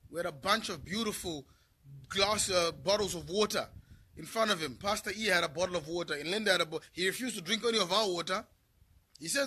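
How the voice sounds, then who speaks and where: A man's voice: high voice, brisk, pushed and bright, slight background noise. A middle-aged man from Zimbabwe ranting to camera in a vlog, profane, repetitive and heated. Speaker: vlogger. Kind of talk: angry rant to camera.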